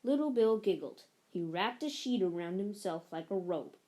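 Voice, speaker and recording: A woman narrating a children's picture book aloud in an expressive storytelling manner. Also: medium pitch, moderate pace. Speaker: storybook reader.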